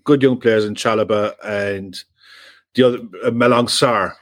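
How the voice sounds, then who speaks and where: A man on a casual football chat, explaining his points in a measured, steady way. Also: lowish voice. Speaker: pundit.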